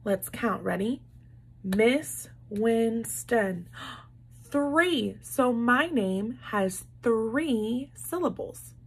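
Slow, patient woman teacher with a gravelly voice. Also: fairly high pitch, animated. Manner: slow, patient, encouraging, claps out words syllable by syllable. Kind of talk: classroom lesson for young children.

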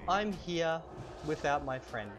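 A man teaching vocabulary in a casual, chatty way while playing a game at home, repeating each word slowly for learners, a little hoarse from a cold. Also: on the high side. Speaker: language teacher. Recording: steady background noise.

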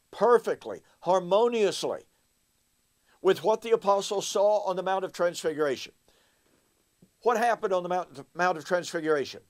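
A man giving a recorded Bible teaching, emphatic and fond of rhetorical questions aimed at his listeners. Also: sits high.

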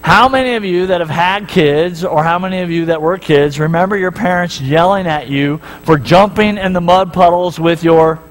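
A middle-aged man preaching a sermon, animated and storytelling, acting out voices and asking the congregation questions. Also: high-pitched, normal speed, few pauses, poor audio. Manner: talks straight to the congregation with repeated questions. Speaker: pastor. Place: church sanctuary.

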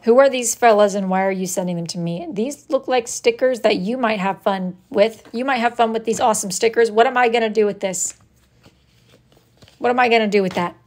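A woman's voice: a little high, a little fast, a little mellow. A woman hosting a casual live stream, reading viewer messages aloud in a dry, sarcastic, mock-scolding way. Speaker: wood-burning artist hosting a live stream.

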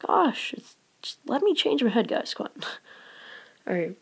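A woman with a fairly high, gravelly, slightly rough voice speaks a little slowly while hosting live gameplay commentary on her channel. She's excitable and rambles, exclaiming often and whispering asides.

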